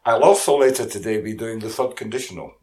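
A man hosting a chat, talking casually, musing aloud and quick to laugh. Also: fairly low pitch, noisy background. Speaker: host.

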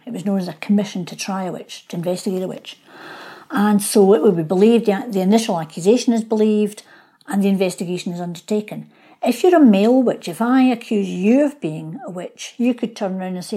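A woman's voice: medium pitch, a little fast, warm tone. A woman historian explaining things in an interview, sometimes acting out the people she describes. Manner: explanatory, acts out quoted voices. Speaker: local historian guest.

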